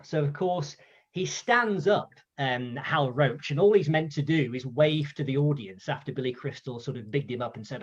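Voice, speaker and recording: A man from the UK recounting an anecdote in a chatty, animated way at a storytelling event. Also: a little high, normal speed, husky, highs cut off. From United Kingdom. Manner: chatty, animated, acts out voices in quotes. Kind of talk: casual storytelling talk.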